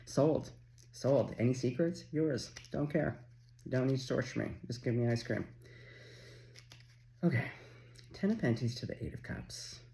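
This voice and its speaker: A man from Canada doing a casual, chatty tarot reading, excitable and quick to swear. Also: medium pitch, vocal fry. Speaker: tarot reader.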